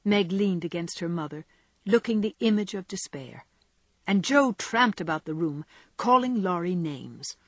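A woman narrating an audiobook in a measured, expressive way. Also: on the low side, no room sound.

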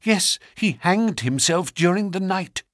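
A man's voice: high voice, expressive, a little slow, fairly bright tone, no echo, clean studio sound, voice pushed up. A man reading an audiobook, voicing a distraught middle-aged doctor in agitated, breathless exclamations.

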